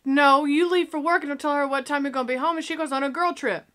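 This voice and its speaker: A young woman hosting a movie reaction, in sassy, excitable casual commentary that talks back to the screen. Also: high voice, quick pace, slight background noise. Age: young adult.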